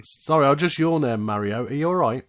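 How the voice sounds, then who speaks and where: A man's voice: mid-range voice, animated, a little fast. A man hosting a casual podcast, joking around and hyping up announcements like a showman. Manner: playful, hypes up announcements like a showman. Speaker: podcast host.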